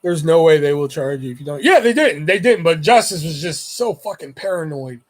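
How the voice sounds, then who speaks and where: A man telling a long rambling story on his vlog, swearing constantly and acting out the voices of his friends. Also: on the high side. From Houston area. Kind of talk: casual storytelling.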